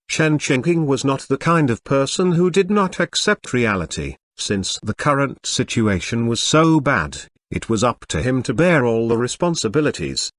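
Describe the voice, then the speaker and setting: A text-to-speech male voice narrating a web novel audiobook in an even, synthetic reading. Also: mid-range voice, moderate pace, hardly any pauses, no echo, studio quality.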